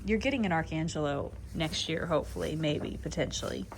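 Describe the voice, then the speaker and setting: A woman chatting casually on camera in a horse barn at night, rambling and laughing, cooing softly to the mares and foals. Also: sits low, a little fast, heavy background noise. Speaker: foaling attendant filming her barn. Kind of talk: casual vlog chat.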